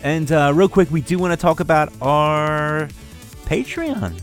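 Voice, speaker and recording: A man co-hosting an internet radio show in casual, rambling chat, reading out shout-outs and chuckling often. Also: on the high side, unhurried, soft background music. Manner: laid-back, rambling, chuckles a lot.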